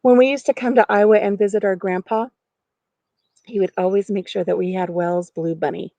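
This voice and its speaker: A woman's voice: mid-range voice, fairly even intonation, brisk, warm tone, dry recording. A middle-aged woman chatting casually on a live stream from outdoors on her farm porch, giggling and talking to viewers by name.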